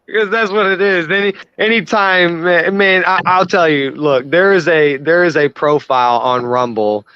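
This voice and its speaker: A man's voice: on the high side, moderate pace, bright, forceful tone, clear, resonant tone, dry recording. A man in casual chat, talking in a profane, worked-up rant. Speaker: podcast host. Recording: dry, dull lo-fi sound.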